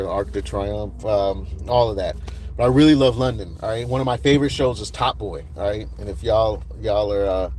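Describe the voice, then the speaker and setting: A man's voice: fairly low pitch, a little mellow, a little hiss or hum. A man hosting a casual livestream outdoors at night, rambling with many fillers and greeting viewers by name. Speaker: livestream host.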